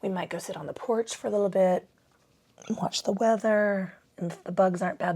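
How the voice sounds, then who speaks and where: A woman's voice: mid-range voice, fairly even intonation, moderate pace, mellow. A woman leading a yoga class, talking her way through the poses with chatty, self-mocking asides and casual swearing, a little out of breath. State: breathing heavily. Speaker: yoga instructor.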